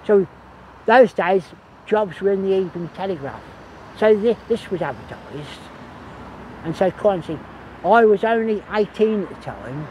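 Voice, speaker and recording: An older man tells stories from his working life in a rambling, chatty way, forever circling back with "so consequently". His voice sits fairly high for a man. He is recorded outdoors, with faint traffic noise behind him. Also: animated, moderate pace, darkish tone, rough recording. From England. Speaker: hospital gardener. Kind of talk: casual reminiscing. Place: outdoors on hospital grounds.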